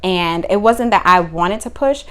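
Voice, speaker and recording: A woman's voice: a little slow, clean tone. A young woman, telling her own story to camera in casual vlog style, acting out what people said. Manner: animated, acts out quotes with sudden high pitch jumps.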